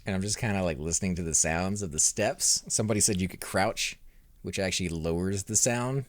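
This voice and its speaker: Young guy playing an mmo, lowish voice, talks to chat, gets loud and hyped when fights go bad. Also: a little fast, no echo. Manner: excitable, reacts loudly to in-game fights, talks to chat. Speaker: gaming channel host. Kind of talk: let's play commentary.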